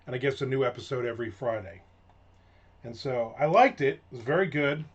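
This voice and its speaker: A man's voice: medium pitch, brisk, slightly rough. Sarcastic rambling man, lo-fi sound. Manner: sarcastic, rambling, full of fillers and restarts. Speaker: host of a rant segment. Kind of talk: casual rant monologue. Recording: dull lo-fi sound.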